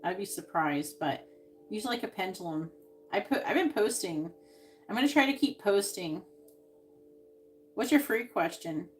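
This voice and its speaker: A woman's voice: mid-range voice, expressive, a little slow, long pauses, soft background music. A woman psychic giving tarot readings on a live stream, speaking in short, emphatic statements. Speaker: psychic reader.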